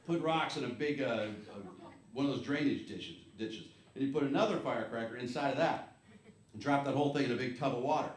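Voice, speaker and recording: A man in his fifties from the United States doing a stand-up comedy set, telling rambling, wry stories and shouting his punchlines. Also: mid-range voice, brisk. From USA. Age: 50s. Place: comedy club stage. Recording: echoey live club, clear background noise.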